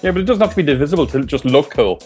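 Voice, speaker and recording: Lively, teasing podcast host. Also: male voice, a little high, rapid-fire, soft background music. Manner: teasing, laughs often, swears casually. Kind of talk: casual podcast banter.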